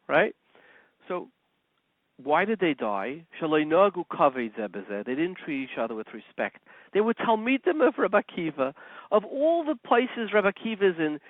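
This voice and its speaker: A man, a rabbi guest-hosting a radio show, teaching in an animated way with rhetorical questions and many Hebrew terms. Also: on the high side, dry recording. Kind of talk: talk radio teaching with a joke. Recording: tinny phone-like line, dry.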